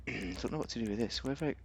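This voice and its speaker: A man's voice: medium pitch, animated, a little fast, creaky, a little hiss or hum. A man giving rambling, casual commentary on a game, thinking aloud with fillers and restarts. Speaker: game reviewer.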